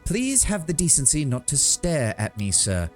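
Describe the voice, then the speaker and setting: A man's voice: fairly high pitch, huge pitch swings, moderate pace, faint music behind, pitched above the performer's own voice. A man voicing a proud, moody female warrior who speaks in a stiff, formal way.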